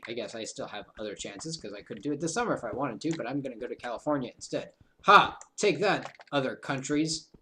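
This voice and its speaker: Here a twenty-something man with a mid-range voice talks through his game footage as a gaming video host. The commentary is casual and drifts into self-deprecating tangents, and there's a slight hiss or hum on the recording.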